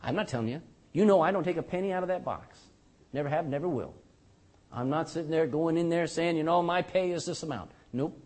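An older man preaching a sermon as pastor, animated and joking, with rhetorical questions to his congregation. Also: a little high, fairly quick.

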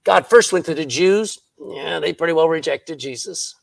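A man's voice: on the high side, moderate pace, gravelly, dry recording. A man preaching a sermon in church, reading scripture aloud and laughing at his own jokes. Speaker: pastor.

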